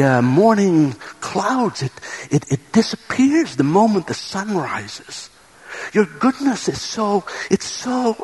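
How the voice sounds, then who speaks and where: Husky, animated man preaching a sermon. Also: sits high, measured pace, low-quality recording. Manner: earnest, repeats words when building a point.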